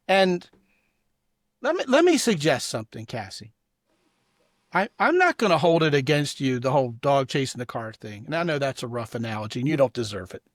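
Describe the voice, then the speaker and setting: A man's voice: a little high, no room sound, clean studio sound. A middle-aged man hosting a podcast, giving emphatic, preachy advice in casual conversation. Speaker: podcast host.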